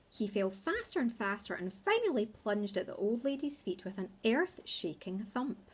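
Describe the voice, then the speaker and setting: A woman reading a children's story aloud in a slow, expressive way. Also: mid-range voice, husky.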